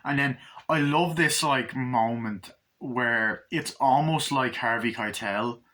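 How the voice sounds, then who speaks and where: Casual male film reviewer, bright voice, excitable, swears freely. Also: medium pitch, takes it slowly. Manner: excited, profane, acts out scenes. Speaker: movie reviewer.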